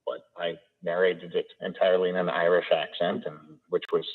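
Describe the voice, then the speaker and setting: A man's voice: low voice, little pitch movement, a little fast. A man with an Idaho American accent, an audiobook narrator, answering interview questions in an easygoing way with frequent chuckles and restarts. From Idaho, USA. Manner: easygoing, chuckling, repeats words when starting. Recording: tinny call audio echoing in a hall.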